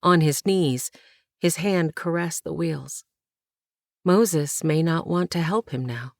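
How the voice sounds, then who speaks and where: A woman narrates a historical novel with measured, even storytelling. Her voice sits low for a woman. The recording is dry and close, with no room sound. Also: creaky, no echo. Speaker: audiobook narrator. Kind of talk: scripted narration.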